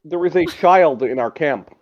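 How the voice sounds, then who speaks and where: A man's voice: fairly high pitch, animated, measured pace. A man playing his character in a tabletop role-play game, blunt and exasperated. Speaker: player. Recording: dull lo-fi stream audio.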